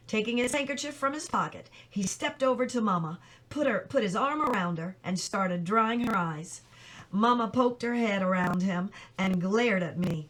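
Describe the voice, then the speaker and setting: A woman reading a novel chapter aloud in plain, steady storytelling, with small slips she corrects as she goes. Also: mid-range voice, moderate pace. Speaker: reader.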